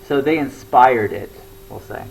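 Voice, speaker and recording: A man's voice: mid-range voice, a little slow, vocal fry, a little hiss or hum, low-quality recording. A young man talking casually to camera, rambling with lots of fillers and restarts. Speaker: comedy show regular.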